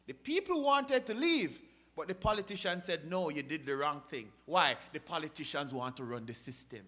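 A man preaching a sermon, asking rhetorical questions and swinging from loud, impassioned rises to quiet drops. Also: a little high, expressive, normal speed. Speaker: pastor.

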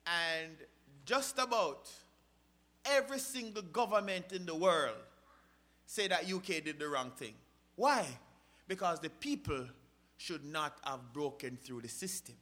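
A man preaching a sermon, asking rhetorical questions and swinging from loud, impassioned rises to quiet drops. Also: high-pitched. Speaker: pastor.

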